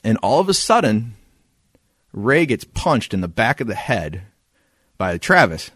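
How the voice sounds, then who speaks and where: A man's voice: fairly low pitch, measured pace, breathy edge, no echo, studio quality. A man co-hosting a podcast, telling a story in casual chat, swearing a lot and acting out what people said. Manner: animated, profane, acts out quoted lines. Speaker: podcast co-host.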